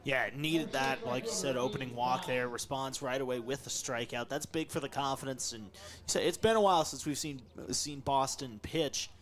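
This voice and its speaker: A man adds color commentary to a live baseball broadcast from the press box. He talks in a relaxed way, reeling off pitching numbers. His voice sits at an ordinary pitch for a man. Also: normal speed. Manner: relaxed, stat-heavy analysis.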